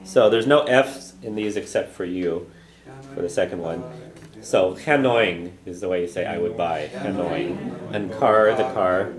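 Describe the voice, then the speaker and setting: A man's voice: sits low, a little slow. A man teaching a classroom language lesson. He explains patiently, models phrases for students to repeat, and often checks in with "okay?". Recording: echoey room with class chatter.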